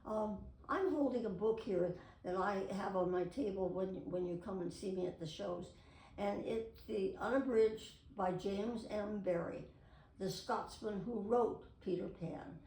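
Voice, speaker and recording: A woman's voice: mid-range voice, measured pace, dark tone. Woman in her 90s, former voice actress, chatty storyteller; roomy echo, mic set back. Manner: chatty, with theatrical read-aloud passages. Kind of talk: casual storytelling to camera. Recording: echoey room, mic at a distance.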